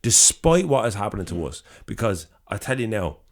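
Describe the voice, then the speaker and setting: Deep-voiced Dublin man arguing emphatically. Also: big pitch swings, a little fast. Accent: Dublin Irish. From Dublin, Ireland. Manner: emphatic, sweary, piles up repeated phrases. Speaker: podcast co-host. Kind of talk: casual debate over drinks.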